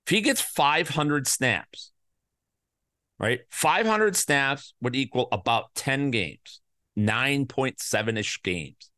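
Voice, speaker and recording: A man hosting a podcast, rattling off statistics in an animated, ranting monologue and swearing often. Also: medium pitch, dry recording, clean studio sound. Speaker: podcast host. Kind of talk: fantasy football podcast monologue.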